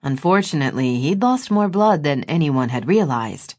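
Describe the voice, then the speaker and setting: A woman narrating an audiobook in expressive, scripted storytelling. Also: sits low, moderate pace.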